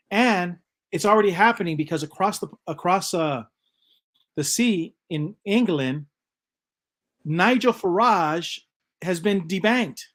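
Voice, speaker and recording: Man co-host, a bit high-pitched, halting speech with restarts, casual commentary. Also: fairly bright tone. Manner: halting, repeats words, frequent agreeing backchannel. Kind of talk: casual talk-show commentary.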